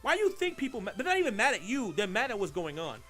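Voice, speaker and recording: A man hosting a casual live-streamed podcast, telling a story in an animated, rambling way and swearing freely. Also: high-pitched, fast, faint music behind. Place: home streaming setup. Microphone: desk mic while streaming live.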